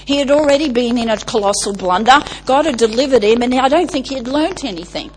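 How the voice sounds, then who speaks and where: A woman's voice: fairly high pitch, animated, fast talker, slight background noise, poor audio. A woman preacher delivering an emphatic sermon, stacking lists and asking the congregation rhetorical questions.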